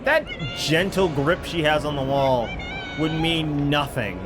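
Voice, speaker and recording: A man's voice: a little high, slow, over music. A man giving casual movie reaction commentary, incredulous and rambling with exasperated asides. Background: movie audio playing.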